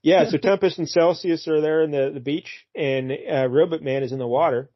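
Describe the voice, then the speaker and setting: A man with a fairly high voice chats casually on a podcast, joking and retelling scenes as he goes. The sound is dry and a little dull. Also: moderate pace, no echo. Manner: relaxed, joking, retells scenes with quoted lines. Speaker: podcast co-host. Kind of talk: casual comic book chat.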